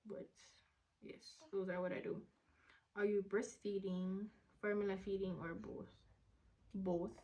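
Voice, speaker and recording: A young woman, answering viewer questions in a candid, casual vlog, sometimes dropping into a soft whisper. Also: medium pitch, level tone, measured pace, poor audio. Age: young adult. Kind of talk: casual Q&A to camera.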